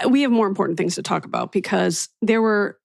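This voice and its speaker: A woman hosting a podcast, chatting casually and reacting quickly to her guest. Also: mid-range voice, creaky, dry recording, studio quality. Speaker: podcast host. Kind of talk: casual chat.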